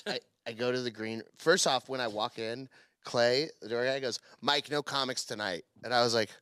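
A man's voice: medium pitch, fairly even intonation, fairly quick, a bit bright, clean tone, dry recording. Male comic host, casual storyteller, acts out the quotes, dry close mic. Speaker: podcast host and comedian.

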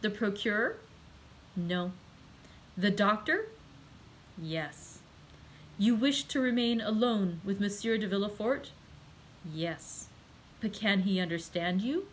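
A woman's voice: medium pitch, animated, slow, long pauses, slight background noise, low-quality recording. A woman reading as an impassioned young man. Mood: pleading. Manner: impassioned, pleading. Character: passionate grieving young man.

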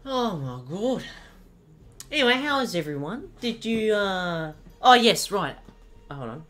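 A man's voice: sits high, very animated, measured pace, a bit bright, faint music behind. A young man streaming a game, just woken up, chatting in a groggy, sweary way and laughing easily. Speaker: livestreamer. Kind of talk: casual gaming stream chat.

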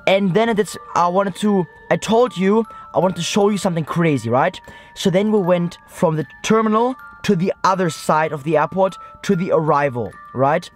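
High-voiced young man rambling excitedly. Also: moderate pace, faint music behind. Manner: rambling, breathless storytelling with many "like" and "guys". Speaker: vlogger. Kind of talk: excited vlog recap to camera. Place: inside a car at night.

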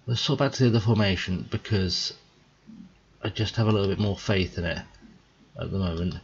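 A tired young man thinking out loud in a rambling, casual commentary as he plays a game. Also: low voice, brisk, vocal fry, lo-fi sound, a little hiss or hum. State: tired, yawning. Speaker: gaming video host. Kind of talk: casual let's-play commentary.

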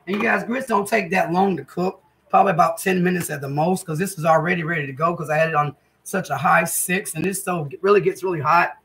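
A woman's voice: lowish voice, fairly even intonation, fast talker, a bit bright, a little hiss or hum, poor audio. A middle-aged woman, hosting a casual home cooking vlog in her kitchen and chatting homily with viewers. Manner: chatty, homey, addresses viewers as guys and y'all. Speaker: cooking channel host.

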